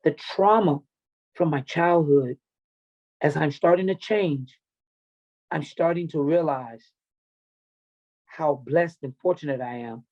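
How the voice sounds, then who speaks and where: A man's voice: fairly high pitch, slow, long pauses, darkish tone, lo-fi sound. A middle-aged man and coach, telling his life story bluntly and emotionally on a podcast, with plenty of swearing. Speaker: podcast guest, wrestling and MMA coach. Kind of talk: candid personal storytelling.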